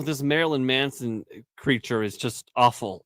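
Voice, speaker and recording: A man co-hosting a casual news podcast, telling animated stories and swearing freely. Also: mid-range voice, measured pace, music in the background. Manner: animated storyteller, acts out voices, swears. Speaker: podcast co-host. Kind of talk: casual banter about news.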